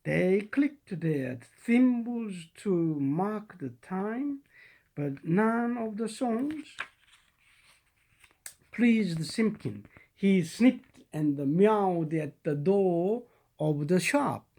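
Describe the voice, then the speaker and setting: This is a storyteller reading an old children's tale aloud at a very slow, easy pace. The pitch sits in the middle of the range. Small stumbles and restarts come through now and then, and they make the reading sound natural and unpolished. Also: lively intonation, dark tone. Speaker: storybook reader.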